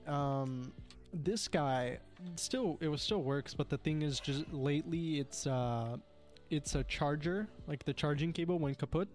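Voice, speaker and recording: A young man rambles through casual chat with friends, his voice sitting a little high for a man. He talks loosely and slangily, with faint music playing behind him. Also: measured pace, darkish tone.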